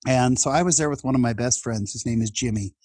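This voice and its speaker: A middle-aged man from California telling a personal story in conversation, his voice jumping up when excited. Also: medium pitch, fast, dry recording. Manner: animated, voice jumps up when excited.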